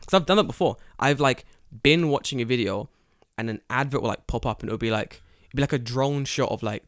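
A man's voice: mid-range voice, fairly quick, no room sound, clean studio sound. A man co-hosting a podcast, ranting casually and swearing a lot. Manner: profane, animated ranting. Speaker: podcast co-host.

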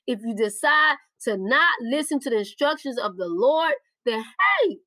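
High-voiced woman preaching with urgency. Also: big pitch swings, unhurried, pushed and bright, dry recording, rough recording. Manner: urgent, repetitive exhortation, speaks directly to listeners. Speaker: preacher on a podcast. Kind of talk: sermon.

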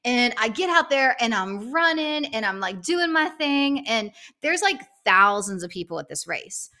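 A middle-aged woman co-hosting a podcast tells a story in casual chat, acting out quotes with big jumps in pitch. Her voice is bright and forceful, with big pitch swings and a measured pace.

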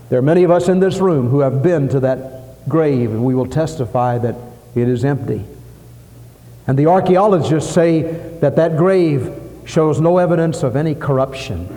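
A male pastor preaches a sermon with an emphatic, rousing delivery, stacking repeated phrases. His voice sits a little high but sounds mellow and relaxed, and the church hall adds a long, ringing reverb.

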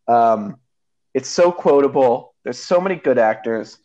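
A man's voice: medium pitch, animated, measured pace, darkish tone. Rambling man with a slightly muffled sound. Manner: rambling, many fillers and restarts, laughs often. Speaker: podcast co-host. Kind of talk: casual movie discussion.

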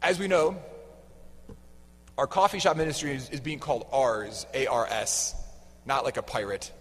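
Lively preacher in an echoey church. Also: male voice, medium pitch, moderate pace. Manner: conversational, quizzes the congregation. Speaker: homilist. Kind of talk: sermon.

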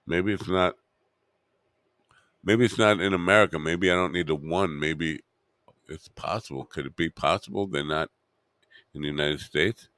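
A man's voice: deep voice, normal speed, pauses often, a bit bright, no echo, studio quality. A man hosting a podcast alone, rambling and muttering to himself with wry asides. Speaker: podcast host.

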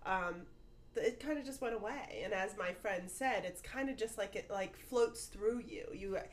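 A woman casually chatting on a podcast, animated, laughing easily and using many fillers. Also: medium pitch, normal speed. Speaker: podcast host. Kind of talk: casual chat.

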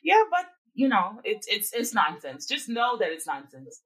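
A woman's voice: mid-range voice, huge pitch swings, normal speed, a bit bright, breathy edge, rough recording. A woman co-hosting a casual podcast chat, exasperated and swearing. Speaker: podcast co-host.

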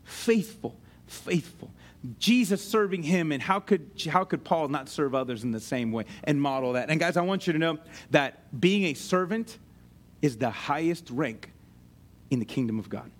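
A man preaching a sermon, animated and conversational, with casual slang and asides to his congregation. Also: on the high side, normal speed. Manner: conversational, uses slang like "ain't" and "dude". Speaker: pastor.

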